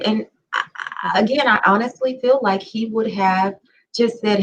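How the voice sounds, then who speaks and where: A woman's voice: fairly high pitch, steady tone, takes it slowly, slight background noise. A woman co-hosting a podcast, telling a story in casual conversation with earnest, emphatic repeats. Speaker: podcast co-host. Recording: slightly dull lo-fi sound.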